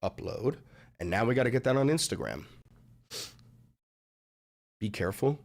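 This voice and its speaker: Loud profane male livestream ranter. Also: medium pitch, animated, normal speed, creaky. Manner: loud, profane, mocking and combative. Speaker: livestream host. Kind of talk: profane political livestream rant.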